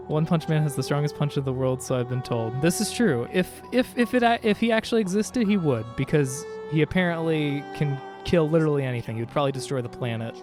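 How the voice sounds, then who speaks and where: Male streamer, slightly higher voice, casual banter over faint game music. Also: fast, few pauses. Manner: chatty, jokey, reads game dialogue aloud. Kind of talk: casual gameplay chat.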